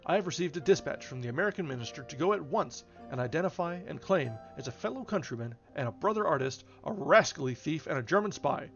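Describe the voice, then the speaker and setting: Man voicing a curt young artist, brisk, mid pitch, faint music behind. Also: muffled recording, natural voice. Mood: angry. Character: young male artist, brisk, turning savage.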